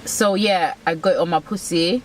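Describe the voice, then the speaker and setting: A woman's voice: on the low side, normal speed, a little hiss or hum. A young woman telling a candid story, blunt, profane and self-mocking. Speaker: vlogger.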